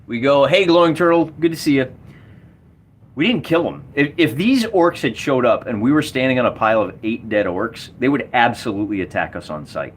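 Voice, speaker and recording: Guy narrating his solo tabletop game, rambly and excited, voice bouncing all over, faint hiss in the background. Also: medium pitch, fairly quick, few pauses. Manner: enthusiastic, rambling with restarts. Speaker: solo wargamer running a game. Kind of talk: casual game commentary.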